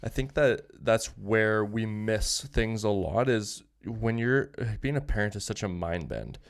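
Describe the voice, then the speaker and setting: Rambling low-voiced man on a podcast. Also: measured pace, creaky. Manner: rambling, many fillers and restarts. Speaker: podcast host. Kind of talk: casual podcast conversation.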